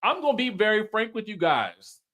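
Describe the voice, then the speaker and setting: A man's voice: high-pitched, normal speed. A man giving a casual commentary recap of a reality show, chatty and emphatic, acting out what the cast said. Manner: animated storytelling, acts out quotes in raised voices.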